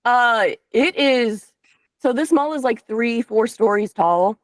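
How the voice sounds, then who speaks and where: A woman running a tabletop game as game master, describing scenes and rulings in a relaxed, filler-laden way. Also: a little high, slow pace, dry recording. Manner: relaxed, explains rules with fillers.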